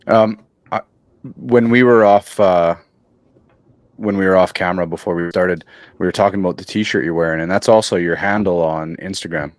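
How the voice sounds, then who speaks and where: Podcast host: man with a very low voice, supportive, casual, on a dry close mic. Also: normal speed, dry recording. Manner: supportive, conversational, with many fillers. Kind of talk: casual interview chat.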